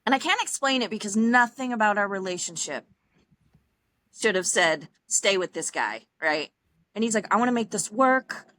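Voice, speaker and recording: A young adult woman, a podcast guest, telling her personal story in a casual, animated way, acting out other people's lines with laughs and fillers along the way. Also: medium pitch, moderate pace, no echo. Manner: animated, acts out quoted dialogue, frequent laughs and fillers.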